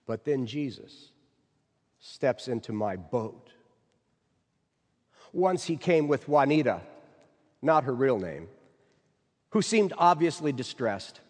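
A man serving as a chaplain gives a devotional sermon in a slow, measured, earnest way. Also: mid-range voice, very animated, darkish tone, in a large hall.

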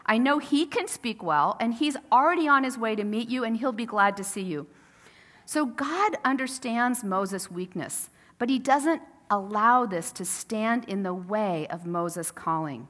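A woman's voice: fairly high pitch, animated, measured pace, a bit bright. A woman pastor preaching a sermon in a casual, storytelling way, acting out the quotes. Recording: long reverb of a church sanctuary.

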